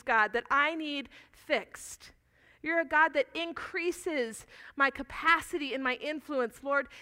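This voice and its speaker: A high-voiced woman pastor delivers a sermon with earnest animation. She tells stories and puts questions to the congregation.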